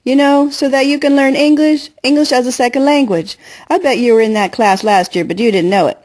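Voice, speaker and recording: A woman's voice: high-pitched, darkish tone, pitched above the performer's own voice. A woman reading an audiobook, voicing a playful, confident girl who chatters and teases. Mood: chatty. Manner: fast bubbly chatter, teasing. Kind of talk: audiobook character voice.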